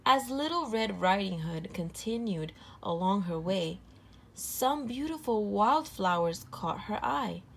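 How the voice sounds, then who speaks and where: A woman reading a children's storybook aloud, clear, gentle and even. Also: medium pitch, takes it slowly, slight background noise. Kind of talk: read-aloud storybook narration.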